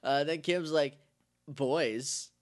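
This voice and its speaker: A man's voice: a little high, normal speed. A man co-hosting a podcast, chatting casually and acting out characters' lines as he recaps a TV episode. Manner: animated, acts out characters' lines mid-story. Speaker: podcast co-host.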